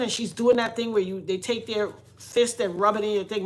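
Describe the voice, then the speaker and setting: A woman hosting a livestream, telling a story in a preachy, animated way that swings from loud emphasis to soft asides. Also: mid-range voice, brisk. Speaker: livestream host reading viewer comments. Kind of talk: casual storytelling monologue.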